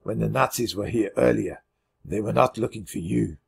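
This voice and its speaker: A man doing a raspy, gruff French farmer. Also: lowish voice, moderate pace, full character voice. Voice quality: raspy, growly. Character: gruff bearded French farmer, wary but kind.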